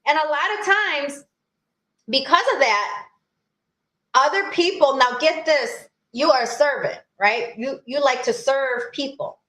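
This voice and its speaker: A woman's voice: high voice, measured pace, sharp tone, echoey room. A woman co-hosting a podcast over a video call, talking in an earnest, encouraging way and laughing easily. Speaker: podcast co-host. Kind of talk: casual chat.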